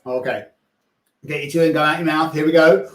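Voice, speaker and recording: A man teaching primary school music, leading children's warm-ups with upbeat, playful, coaxing instructions. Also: a little high, steady tone, a little fast. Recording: echoey room.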